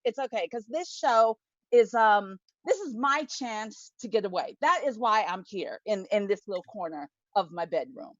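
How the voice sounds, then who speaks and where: A woman's voice: medium pitch, expressive, normal speed, no room sound. A woman doing a stand-up set from a small bedroom corner over a video call, in a chatty, confiding way. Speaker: stand-up comedian. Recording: dull lo-fi dry audio.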